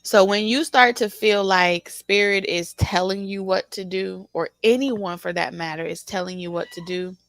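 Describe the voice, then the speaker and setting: A woman giving a casual, animated tarot reading, teasing the listener and laughing often. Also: medium pitch, normal speed, hardly any pauses, no room sound. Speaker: tarot reader.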